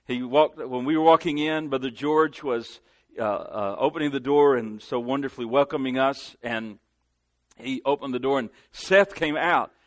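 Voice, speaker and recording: A man's voice: medium pitch, normal speed, dry recording. A man with a Southern US accent preaching as a guest pastor, earnest, calling out for amens and often restarting his sentences. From Southern United States. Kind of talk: sermon. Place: church sanctuary.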